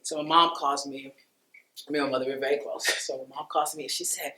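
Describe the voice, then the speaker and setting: Bright-voiced man telling a personal story. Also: on the high side, steady tone, fast, echoey room. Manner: conversational, laughs often, many "you know"s. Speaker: speaker at a dinner talk.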